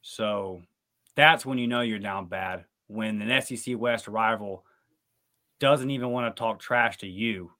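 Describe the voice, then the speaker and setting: A man's voice: on the low side, unhurried, sharp tone. A man co-hosting a sports recap podcast, talking casually and getting fired up into emphatic rants. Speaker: podcast co-host.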